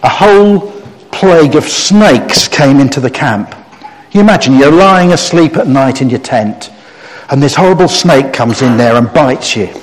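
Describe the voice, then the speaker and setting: A man's voice: medium pitch, moderate pace. A middle-aged man preaching a story-based sermon, acting out the people in the story and getting the audience to join in. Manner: animated storyteller who acts out quotes and gets the audience to join in. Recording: long reverb of a large hall.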